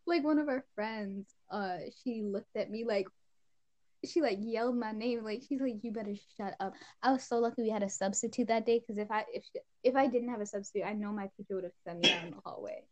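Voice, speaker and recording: On a podcast, a teenage co-host chats casually and tells a story punctuated by giggles and laughter. Her pitch is on the high side, with a darkish tone.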